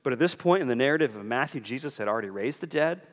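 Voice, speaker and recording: Lively preaching man in a reverberant hall. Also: medium pitch, quick pace. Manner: earnest preaching, acts out quoted voices. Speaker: pastor. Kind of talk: sermon.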